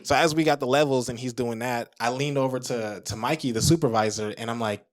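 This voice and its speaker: A man in his twenties telling a story in casual chat, animated and full of "like" fillers. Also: brisk. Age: 20s. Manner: animated, acts out his own reactions in a high excited voice; heavy use of filler "like". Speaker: guest, producer and audio engineer.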